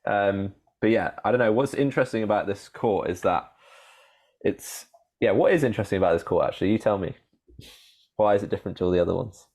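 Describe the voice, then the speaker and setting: In a casual podcast conversation, the co-host, whose voice is very deep and low, quizzes his partner while laughing readily. His speech wanders and stalls, full of fillers and false starts.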